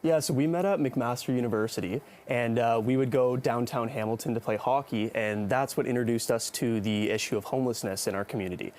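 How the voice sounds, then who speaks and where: A young man describes the charity he co-founded during a TV interview, speaking earnestly with occasional ums. His pitch sits in a middle range. Faint noise lies behind him. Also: a little fast, hardly any pauses, a little mellow. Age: young adult.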